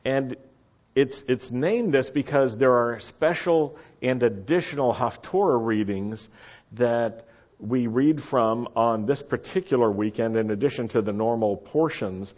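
A man preaching a sermon, slow and deliberate, repeating key phrases for the congregation to say back. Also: mid-range voice, darkish tone, highs cut off. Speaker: pastor.

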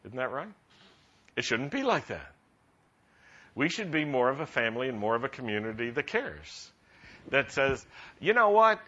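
A man preaching a sermon to a congregation in a conversational, practical way, rising to animated emphasis. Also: medium pitch. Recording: dull lo-fi sound.

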